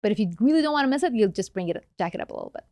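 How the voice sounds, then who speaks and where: A woman guest with a non-native English accent, explaining investing in a casual interview with animated, quick asides. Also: a little high, no room sound, clean studio sound.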